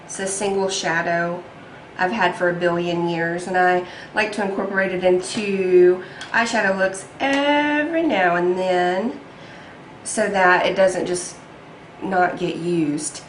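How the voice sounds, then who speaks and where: A woman's voice: lowish voice, measured pace, reverberant, slight background noise, rough recording. A young woman talking through a makeup tutorial in a chatty, self-deprecating way, with frequent ums. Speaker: beauty vlogger.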